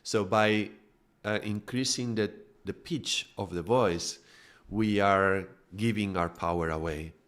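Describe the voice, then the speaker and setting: Low-voiced man teaching yoga ideas. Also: takes it slowly, a bit bright. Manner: explanatory, demonstrates with his own voice. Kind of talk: live spiritual talk.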